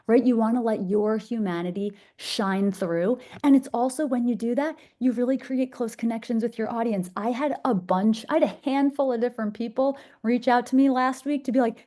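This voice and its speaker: A woman's voice: fairly high pitch, brisk, hardly any pauses, dark tone. A young woman presenting a masterclass, bubbly, enthusiastic and conversational. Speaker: social media speaker.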